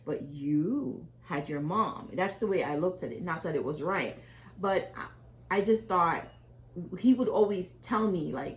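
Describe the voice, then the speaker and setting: A woman's voice: lowish voice, measured pace. A middle-aged woman with a West Indian accent, talking candidly with her daughter and acting out quotes as she tells stories. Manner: emotional, animated storytelling with acted quotes. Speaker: mother and co-host. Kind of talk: candid family conversation.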